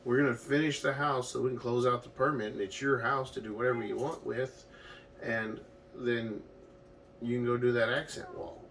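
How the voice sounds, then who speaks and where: A man's voice: mid-range voice, level tone, normal speed, fairly bright tone. A man who builds homes, explaining his services in a plain-spoken, conversational way. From Florida. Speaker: home builder. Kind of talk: casual explanatory talk. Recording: distant mic with faint noise.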